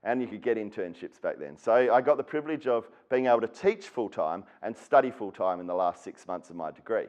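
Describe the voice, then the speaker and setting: A man's voice: lowish voice, lively intonation, a little fast, hardly any pauses, darkish tone, dull audio. Earnest Australian man telling a story. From Western Australia. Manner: earnest storyteller who acts out quoted people. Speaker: speaker at an education symposium. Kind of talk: personal storytelling keynote talk.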